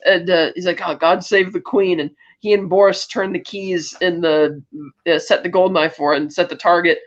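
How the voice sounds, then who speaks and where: Podcast host, casual film recap, quick offhand asides, mid-pitched voice, dull lo-fi sound. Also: fairly even intonation. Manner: chatty, loose retelling with quick asides. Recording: dull lo-fi audio.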